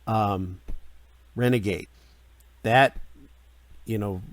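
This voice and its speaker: A man's voice: on the low side, fairly even intonation, drawn-out words, dry recording. A man hosting an interview, chatty and eager as he sets up his questions. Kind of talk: casual interview.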